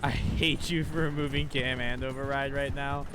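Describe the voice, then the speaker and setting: A man's voice: medium pitch, little pitch movement, normal speed, noisy background. A man live streaming a video game, chatting casually and playfully with his viewers. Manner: playful, rambling, talking to chat. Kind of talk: casual gaming commentary.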